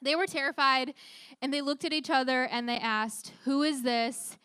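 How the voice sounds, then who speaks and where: A woman's voice: high-pitched, normal speed, pushed and bright, smooth, dry recording, clean studio sound. A young woman leading a youth group Bible talk, upbeat, often putting questions to the teens. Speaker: youth leader.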